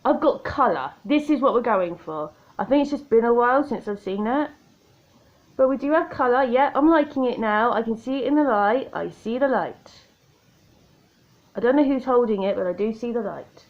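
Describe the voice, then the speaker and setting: A makeup vlogger chats self-mockingly through a tutorial at home, talking straight to the viewer from an indoor room by a window. Recorded on a tablet camera with lo-fi sound, her voice is on the high side, fairly quick, with lively intonation.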